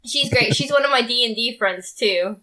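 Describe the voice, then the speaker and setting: A woman's voice: on the high side, normal speed, bright, forceful tone. A woman guest on a casual podcast, telling a work story with lots of fillers and laughter. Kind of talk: casual chat.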